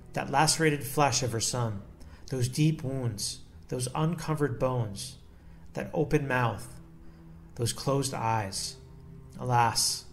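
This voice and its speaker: A man with a mid-range voice reads a devotional text. His delivery is slow, solemn and measured, and a faint noise sits under the recording. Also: mid-range voice. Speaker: devotional reader. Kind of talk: devotional reading.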